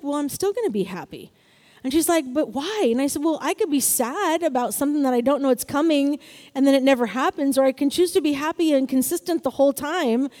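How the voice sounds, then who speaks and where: Upbeat high-voiced woman preaching. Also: mellow, long reverb tail. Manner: upbeat, calls out "Amen?" to the congregation. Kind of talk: sermon.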